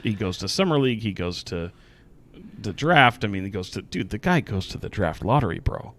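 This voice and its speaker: A man's voice: lowish voice, expressive, moderate pace, a bit bright. A man co-hosting a casual sports podcast, joking and rambling with restarts. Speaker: podcast co-host.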